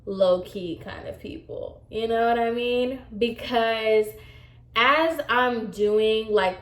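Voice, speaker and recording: A woman's voice: mid-range voice, roomy sound. Sassy, chatty woman hairstylist. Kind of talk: storytime vlog.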